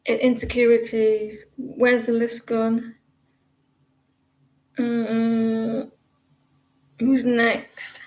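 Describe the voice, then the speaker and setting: A woman's voice: a little high, completely flat delivery, drawn-out words, long pauses, darkish tone, reverberant, low-quality recording. A British woman doing tarot readings and chatting in a rambling, gossipy way with lots of hesitations. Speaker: tarot reader. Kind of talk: casual live-stream chat.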